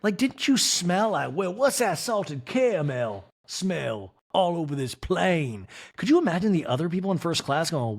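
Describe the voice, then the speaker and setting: A young man hosts a comedic reality TV recap, riffing in an exasperated, animated way. His voice rises and falls a lot, and it has a husky grain that sounds worn out. He sits a little above the usual pitch for a man. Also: moderate pace, few pauses. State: voice getting worn out. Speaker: podcast host.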